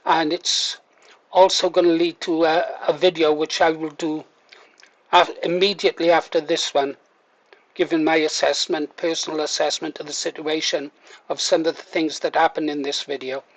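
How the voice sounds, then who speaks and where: A man hosting a channel, introducing the next clip in a measured, slightly halting way. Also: fairly high pitch, level tone, poor audio. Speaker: channel host. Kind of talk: video introduction.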